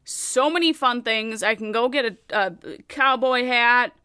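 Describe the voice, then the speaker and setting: A woman co-hosting a podcast in casual chat, bubbly and excitable, swearing freely. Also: on the high side, unhurried, slight background noise. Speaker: podcast co-host.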